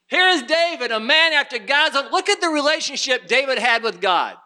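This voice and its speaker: A man's voice: very high-pitched, big pitch swings, a little slow, long pauses, bright, forceful tone. A man preaching a sermon, reading scripture aloud and driving his points with rising intensity. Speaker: pastor.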